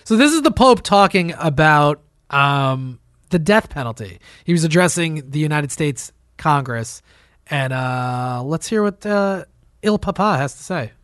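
A man's voice: a little high, lively intonation, a little slow, fairly bright tone, no echo, studio quality. Opinionated man on a podcast. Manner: loose, opinionated, swearing, laughing often. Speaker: podcast co-host. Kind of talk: casual political chat.

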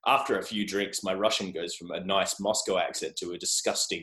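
A man's voice: deep voice, steady tone, brisk, sharp tone. An Australian man chatting as a podcast guest, rambling and self-deprecating. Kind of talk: casual interview chat. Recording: roomy echo.

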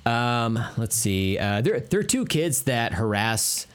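A man's voice: mid-range voice, big pitch swings, takes it slowly, fairly bright tone, clear, resonant tone. Laid-back, joking man in casual chat. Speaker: podcast co-host.

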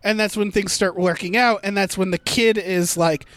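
A man's voice: high voice, fairly even intonation, moderate pace, fairly bright tone, no room sound. A man in a casual movie review chat, rambling and thinking aloud as he picks apart a plot.

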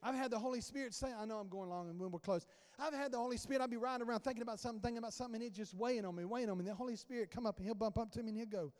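High-pitched pastor guy preaching casual, doing little back-and-forth bits, big echoey church. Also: racing, hardly any pauses, a little mellow. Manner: conversational preaching, acts out dialogue. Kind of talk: sermon. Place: church sanctuary.

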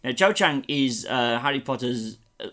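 A man's voice: mid-range voice, animated, normal speed, pushed and bright. A British man co-hosting a casual film review chat, joking and laughing often. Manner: jokey, laughs often, puts on silly voices. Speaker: podcast co-host.

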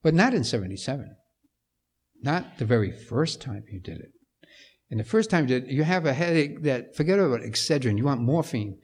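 Animated older man telling backstage stories. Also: mid-range voice, brisk, breathy edge. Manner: animated storyteller who acts out quoted voices. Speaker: composer-conductor speaking at a luncheon. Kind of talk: anecdotal talk to an audience.

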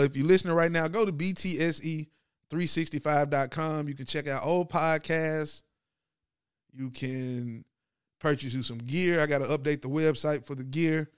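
Man, podcast host, slangy casual sports talk, fairly high voice, dry close mic. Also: clear, resonant tone, no echo. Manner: loose slangy delivery, swings from loud to low and subdued.

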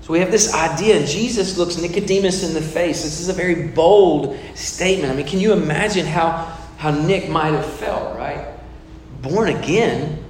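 A man's voice: on the high side, moderate pace. A man preaching a sermon in a conversational way, asking the congregation questions. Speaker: pastor. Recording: echoey hall with long reverb, faint room noise.

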